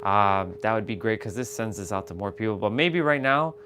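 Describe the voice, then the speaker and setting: A man hosting a casual motivational livestream from home, speaking candidly and a bit low on energy, rambling through restarts. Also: lively intonation, a little fast, fairly bright tone, a little hiss or hum. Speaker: livestream host. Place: at home, downstairs. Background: tuning fork tones.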